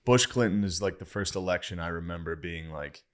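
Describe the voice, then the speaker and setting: A man's voice: deep voice, a little fast. A man in his thirties hosting a podcast, chatting in a laid-back way, swearing freely and laughing often. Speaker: podcast host. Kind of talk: casual chat.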